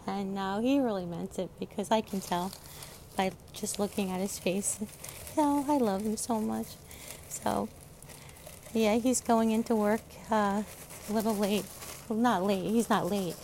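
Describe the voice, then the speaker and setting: A woman's voice: mid-range voice, creaky, a little mellow, slight background noise. A middle-aged woman hosting her own show, chatting in a rambling, affectionate way into a phone. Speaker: podcast host. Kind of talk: casual chat.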